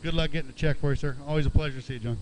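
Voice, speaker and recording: A man's voice: a little high, fairly even intonation, racing, a little hiss or hum, rough recording. A man emceeing an outdoor fishing weigh-in, announcing weights and chatting chummily with each angler. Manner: upbeat, chummy, calls anglers bud. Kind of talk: live announcing with banter.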